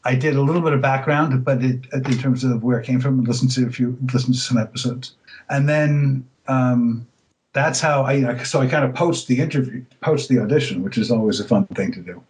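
A man of middle pitch chatting as an interview guest. He tells his stories loosely, stopping and restarting often, with lots of "um"s. He laughs easily along the way. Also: brisk, rough recording. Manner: hesitant, many fillers and restarts; relaxed storytelling, laughs easily. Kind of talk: casual interview chat.

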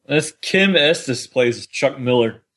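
A man's voice: mid-range voice, animated, fairly bright tone. Chatty male podcast co-host. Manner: chatty, quick to laugh. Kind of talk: casual chat.

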